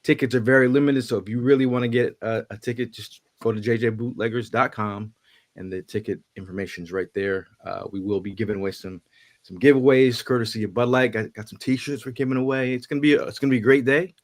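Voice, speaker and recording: A man's voice: medium pitch, fairly even intonation, fast talker. A man hosting a casual live sports podcast, upbeat and building hype, often repeating his words. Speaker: podcast host.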